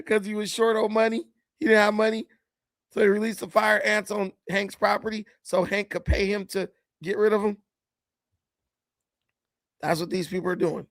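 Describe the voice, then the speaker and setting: A man's voice: sits high, level tone, moderate pace, gravelly, pauses often, fairly bright tone, no echo. A man hosting casual political commentary, mocking and laughing, with slangy speech and repeated words. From United States.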